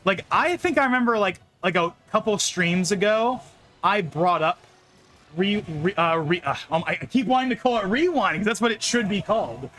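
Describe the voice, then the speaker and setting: A man's voice: high voice, expressive, moderate pace, a bit bright. A young man chatting casually on a live stream while playing a game, rambling, laughing often and repeating words.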